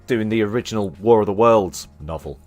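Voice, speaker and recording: A man with a Mancunian accent hosting a casual live-stream chat, jokey and quick to laugh. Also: fairly low pitch, a little mellow. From Manchester, England. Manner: jokey, chatty, laughs easily. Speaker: streamer host. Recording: faint music underneath.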